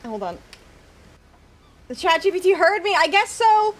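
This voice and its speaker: A woman's voice: very high-pitched, big pitch swings, measured pace, long pauses, slight background noise. A woman streaming from home, chatting casually and teasing her viewers in chat.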